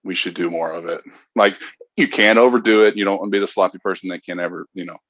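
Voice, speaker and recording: Very deep-voiced man, reflective. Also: fairly even intonation, a bit bright, dry recording, muffled recording. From Mississippi. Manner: open and reflective, halting restarts. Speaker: podcast guest. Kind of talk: casual chat.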